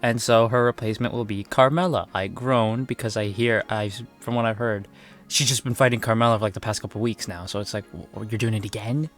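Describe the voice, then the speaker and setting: A man's voice: medium pitch, steady tone, brisk. Sarcastic young man with faint music behind. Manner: sarcastic, exasperated, swears often. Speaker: wrestling reviewer. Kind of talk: casual spoken review.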